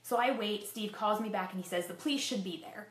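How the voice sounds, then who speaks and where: A woman's voice: medium pitch, brisk. Frank woman telling her story, echoey room. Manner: frank, self-deprecating, emotional retelling. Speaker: fitness vlogger sharing a personal story. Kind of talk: candid personal storytelling.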